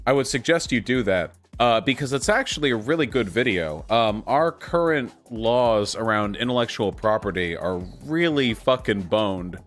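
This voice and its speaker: A man hosting a livestream and chatting casually while he plays a game, quick, profane and sarcastic. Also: medium pitch, animated, soft background music. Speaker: livestream host. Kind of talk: casual stream chat while gaming.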